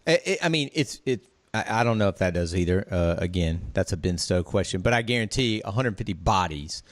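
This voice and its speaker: Guy chatting easy on a podcast, kinda low voice, laughs a lot. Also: lively intonation, brisk, dry recording. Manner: laughs often, casual, swears lightly. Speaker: DJ and podcast co-host. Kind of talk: casual podcast chat.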